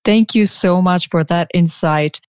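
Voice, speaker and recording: Lower-voiced woman hosting, dry sound. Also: a little slow, a little mellow, smooth, dry recording. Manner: polite, brief questions. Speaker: podcast host. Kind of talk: podcast interview.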